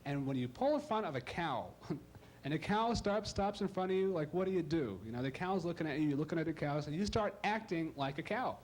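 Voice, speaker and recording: A man from Ohio doing a stand-up comedy routine, animated and slipping into silly voices for his bits. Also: a little high, brisk. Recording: live club recording with audible crowd noise.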